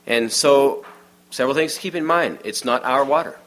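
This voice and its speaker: A man giving a sermon in a conversational, storytelling way, often dropping to a hush for the quiet moments. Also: mid-range voice, normal speed. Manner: many restarts and fillers, informal aside. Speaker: preacher.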